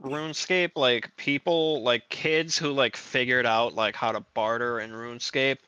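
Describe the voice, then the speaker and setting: Wry podcast guest on a muffled mic. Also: male voice, mid-range voice, steady tone, unhurried, bright, forceful tone, clean tone, no room sound. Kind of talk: casual podcast chat.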